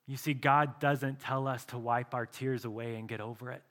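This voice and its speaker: A male pastor preaching a sermon earnestly, often dropping to a soft, slow voice for emphasis. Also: medium pitch, fairly even intonation.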